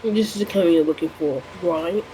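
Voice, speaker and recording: A man's voice: fairly high pitch, fast, background noise, lightly acted. A man voicing a nosy, bossy old woman security guard as he reads game dialogue aloud, in a scolding, theatrical manner. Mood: snippy.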